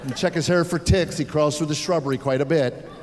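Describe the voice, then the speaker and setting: On a theater stage before a live audience, an American man in his sixties performs stand-up, telling wry stories and acting out voices. His voice is a little high and a little mellow, steady in tone and fairly quick. The live hall recording picks up the audience's laughter.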